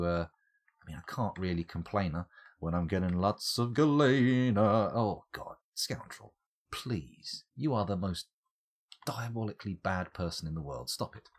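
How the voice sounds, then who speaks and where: A man, chatting and joking casually while streaming a game. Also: low voice. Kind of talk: casual let's-play commentary.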